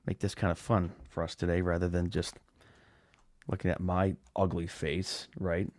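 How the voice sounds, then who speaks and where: Low-voiced man rambling on a live stream. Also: little pitch movement, normal speed, darkish tone, dry recording. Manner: rambling, with restarts and fillers. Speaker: podcast host. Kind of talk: casual live-stream chat.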